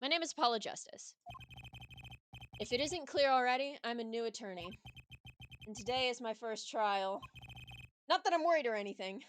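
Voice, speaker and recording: A woman's voice: a little high, lively intonation, moderate pace, pauses often, a bit bright, slight background noise. Woman playing a jittery rookie lawyer. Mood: nervous, eager. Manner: nervous, overeager, insisting he is fine.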